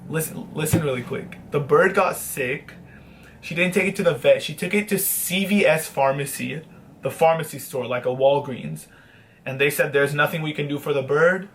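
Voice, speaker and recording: A chatty young man tells a rambling pet story to his vlog audience. He swears freely and slips into mock-dramatic sadness. His voice sits a little high for a man. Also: moderate pace, a little hiss or hum. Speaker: vlogger.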